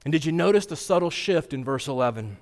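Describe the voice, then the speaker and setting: In this sermon, a male pastor with a fairly high voice addresses his flock casually, as if chatting, and keeps checking in with brief rhetorical questions. His voice echoes with lengthy reverb, like it's filling a spacious sanctuary.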